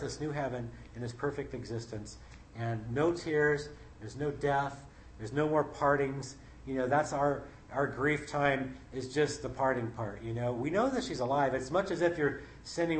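Middle-aged male preacher, folksy and conversational, mid-pitched, roomy echo, faint room hum. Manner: conversational, folksy, reads scripture aloud. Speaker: Bible study leader. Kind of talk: informal sermon.

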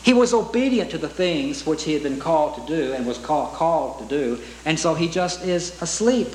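A man's voice: fairly high pitch, animated, normal speed, slight background noise. Earnest preacher man, echoey room. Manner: earnest, rhetorical questions, reciting hymn lyrics. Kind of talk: sermon.

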